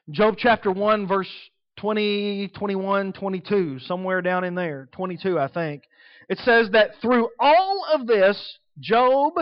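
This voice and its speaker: A man preaching a sermon in an emphatic way, swinging between soft and loud. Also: sits high, expressive, moderate pace, no room sound, highs cut off.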